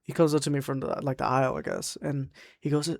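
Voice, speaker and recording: A man's voice: mid-range voice, little pitch movement, fast, a little mellow, no echo, studio quality. A man from Mexico telling a work story in a rambling, profane way, full of "like" fillers. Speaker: storytime vlogger. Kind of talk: casual storytime narration.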